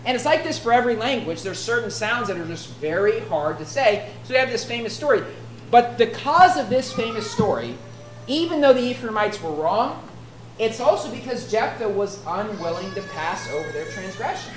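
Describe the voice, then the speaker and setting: A woman's voice: on the high side, sing-song, normal speed, soft background music. Conversational preacher woman in an echoey room. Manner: conversational, keeps asking "right?"; reads scripture aloud in archaic wording. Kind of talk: expository sermon. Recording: echoey room with faint ambience.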